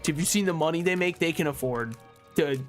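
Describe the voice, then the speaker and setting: Young male streamer, somewhat high voice, animated ranting with quick asides, soft game music under him. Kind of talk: casual gaming stream chat.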